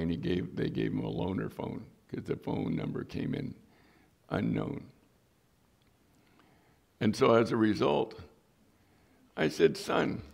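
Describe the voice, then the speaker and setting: A man's voice: mid-range voice, vocal fry, a little mellow, slightly rough. A middle-aged male pastor preaching a sermon, telling a personal story and acting out the voices in it. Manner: storytelling, acts out quoted voices.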